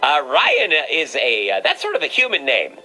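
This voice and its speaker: A man hosting a comic call-in, his voice leaping all over the place as he teases his caller. He sounds bright and forward, stumbling over playful restarts and slipping into a mock-mystical pet-psychic act. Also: fairly high pitch, wildly swooping pitch, moderate pace, soft background music, poor audio. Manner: playful, teasing, stammering restarts. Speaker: call-in show host. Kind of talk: comedic call-in chat.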